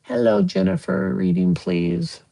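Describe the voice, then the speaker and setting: A man giving a casual live tarot reading, gentle with folksy joking asides. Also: high voice, fairly even intonation, unhurried, creaky. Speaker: tarot card reader.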